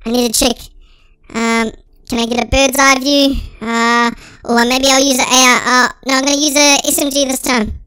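A gaming channel host giving excitable, dramatic let's-play commentary through a sped-up chipmunk voice filter. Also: sits high, normal speed, clean tone, no echo.

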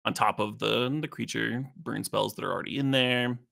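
A man co-commentating a card game, relaxed and quick to laugh, often asking questions. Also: medium pitch, creaky.

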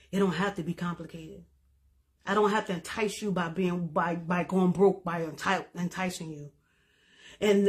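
A middle-aged woman, chatting to her viewers in a loud, animated, profane way and laughing often. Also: mid-range voice. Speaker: social media creator. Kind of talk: casual live-stream chat.

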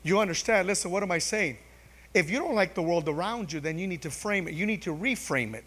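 A middle-aged man gives a testimony sermon in a church, his voice a touch high for a man and ringing with a long hall reverb. He tells the story loosely, restarting his phrases and filling with "you know", and briefly acts out the voices of the people in it. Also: expressive, fast, fairly bright tone. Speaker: preacher.

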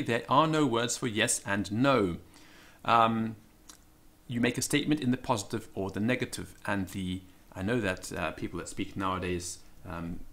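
A man giving an informal spoken lesson, thinking aloud with many ums and slowing down to stress each example. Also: fairly low pitch, fairly bright tone. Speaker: Latin teacher.

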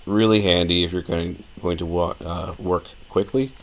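A low-pitched man chats his way through a live stream, rambling and thinking aloud as he works. His delivery is relaxed and full of fillers. A faint hum of room noise sits behind him. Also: normal speed. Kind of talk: casual live-stream tutorial.

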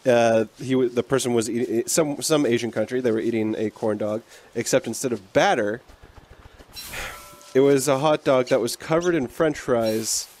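A man's voice: medium pitch, normal speed, darkish tone, slight background noise. A man in casual co-op game banter, telling an easygoing anecdote. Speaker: let's play co-host.

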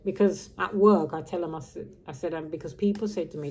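A woman's voice: on the low side, fairly quick, darkish tone, a little hiss or hum. A woman in her fifties who grew up in Birmingham, chatting casually to camera in a meandering way and dropping her H's. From grew up in Birmingham, England. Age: 50s. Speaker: vlogger. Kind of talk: casual rambling chat.

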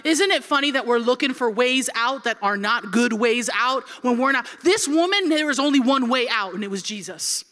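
Woman pastor, 40s, higher-pitched, lively comedic preacher who acts out her stories. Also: fairly quick, few pauses, long reverb tail. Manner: animated and comedic, acting out scenes. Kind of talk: storytelling sermon.

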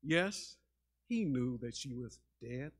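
A man preaching a sermon as a pastor, dramatic, shifting between loud and hushed delivery and often repeating words as he starts a sentence. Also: medium pitch, expressive, slow. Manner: dramatic, acts out quoted voices, swings between loud and hushed.

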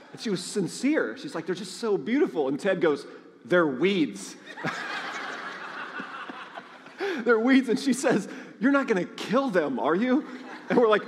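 A man preaching to his congregation, chatty and storytelling, often asking the people questions. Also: a little high. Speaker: pastor. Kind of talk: sermon with announcements. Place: large church sanctuary. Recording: long hall reverb.

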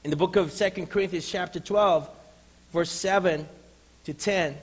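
High-voiced pastor preaching in a hall. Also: male voice, normal speed, breathy edge. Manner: impassioned, swinging from loud to hushed. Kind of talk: sermon. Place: church.

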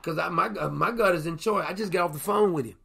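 Husky, gravelly high-voiced man preaching. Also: fast. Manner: animated, repeats words and acts out the people in his stories. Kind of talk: conversational on-air sermon. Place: broadcast studio.

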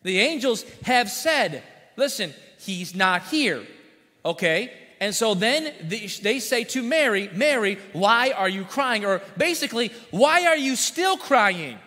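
A man preaching a sermon as pastor, repeating phrases in a steady cadence, sometimes rising loud and sometimes dropping quiet. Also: a little slow. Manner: swings from loud emphatic lines to quiet low-voiced ones. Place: church sanctuary. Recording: reverberant church sanctuary.

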